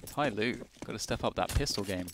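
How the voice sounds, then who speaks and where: A man's voice: fairly low pitch, fairly quick, background noise. A man casting a live esports match, chatty and analytical with his co-caster.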